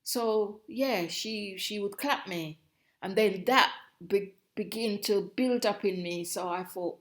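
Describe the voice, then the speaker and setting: A middle-aged woman shares her memories in an interview. She talks in a reflective, halting way, often cutting off a word and starting the phrase again. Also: medium pitch, fairly bright tone. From Jamaica. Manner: reflective, halting, breaks off and restarts mid-phrase. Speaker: guest, host's mother. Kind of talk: personal storytelling.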